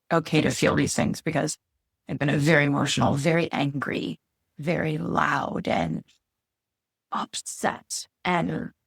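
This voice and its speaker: A woman's voice: sits low, gravelly, dry recording, studio quality. A woman co-hosting a podcast in casual, heartfelt chat, talking candidly and openly emotional, often searching for words. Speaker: podcast co-host.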